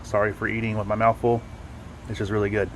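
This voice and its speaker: Upbeat barbecue vlogger outdoors, noisy. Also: male voice, on the low side, fast talker. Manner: relaxed, upbeat, plainspoken. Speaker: barbecue channel host. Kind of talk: casual cooking vlog. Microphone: phone camera. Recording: noisy outdoor phone recording.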